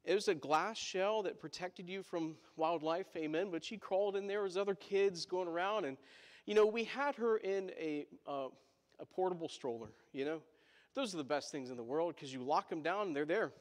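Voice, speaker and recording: A man's voice: high voice, normal speed, in a large hall. A male pastor telling a story in a sermon, chatty, with asides to the congregation.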